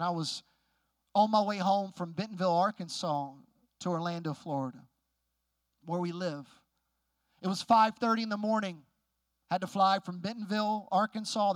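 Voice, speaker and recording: Male preacher, high voice, dry close sound, plain-spoken, loud peaks and hushed storytelling. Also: dry recording. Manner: candid, conversational, asks the crowd questions; rises loud and high for emphasis, drops low and quiet when telling the story. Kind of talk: sermon with a personal story.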